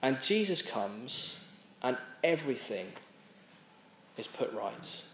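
Male preacher, mid-pitched, chatty and unpolished, with some restarts, roomy echo. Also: very animated, fairly bright tone, a little hiss or hum. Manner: conversational, with frequent restarts and pauses. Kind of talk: sermon. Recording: echoey room.

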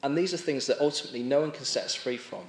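Conversational male preacher in an echoey room. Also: mid-range voice. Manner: conversational, with frequent restarts and pauses. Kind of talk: sermon.

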